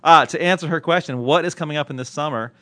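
A man's voice: a little high, quick pace, sharp tone, no echo. Chatty man with a dry close sound. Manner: rambling, loose, with many fillers and restarts. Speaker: podcast host answering listener questions. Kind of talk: casual podcast chat.

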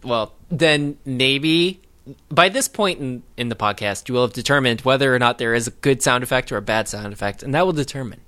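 Bright-voiced man rambling on a podcast. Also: medium pitch, a little fast, clean tone. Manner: rambling, self-interrupting, laughs often. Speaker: podcast co-host. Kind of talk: casual movie discussion.

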